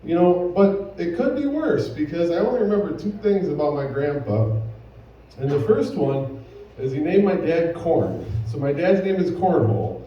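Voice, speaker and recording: A man's voice: fairly high pitch, big pitch swings, moderate pace, heavy reverb, far from the mic, dull audio, a little hiss or hum. A man doing a stand-up comedy set, telling a rambling story full of fillers and crude punchlines. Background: audience laughter.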